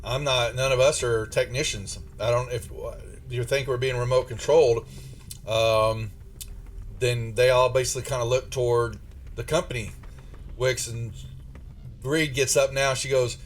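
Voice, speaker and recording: A man's voice: medium pitch, fairly even intonation. Rambling game master man. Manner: rambling, halting, full of fillers and restarts. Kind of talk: narrating a tabletop horror game.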